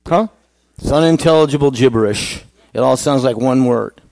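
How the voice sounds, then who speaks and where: A man's voice: medium pitch, moderate pace, vocal fry, darkish tone, dry recording. A male pastor giving a conversational sermon, asking the congregation questions.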